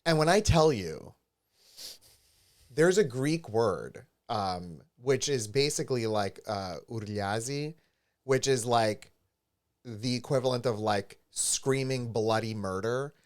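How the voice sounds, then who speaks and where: Animated storytelling man, mid pitch. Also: slow. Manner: animated, acts out quoted voices. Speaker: podcast co-host. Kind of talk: casual storytelling chat. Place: studio with a live stream.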